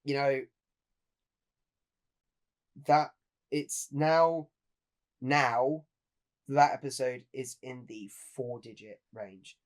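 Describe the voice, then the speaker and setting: A man's voice: mid-range voice, steady tone, extremely slow, pauses often. A young man in his twenties co-hosting a podcast, chatting casually and earnestly with many restarts. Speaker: podcast co-host. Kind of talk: casual chat.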